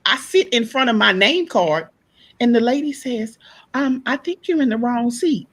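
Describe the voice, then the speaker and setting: A woman in a casual panel discussion, telling stories in an animated way and acting out the people she quotes. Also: a little high, normal speed, low-quality recording. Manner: animated storyteller, acts out quoted voices. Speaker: panel guest.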